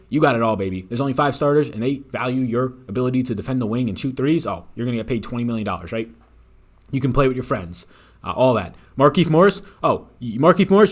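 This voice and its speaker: Brief: male stream host, rapid-fire casual delivery, swears a lot, mid-pitched. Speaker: fantasy sports picks host. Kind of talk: live-stream sports betting talk.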